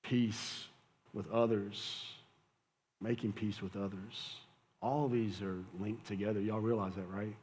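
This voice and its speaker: A man's voice: fairly low pitch, fairly even intonation, measured pace, darkish tone. A man, preaching a sermon as a pastor, telling a casual, conversational story and laughing at it. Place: church hall with audience. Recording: live church hall with long reverb.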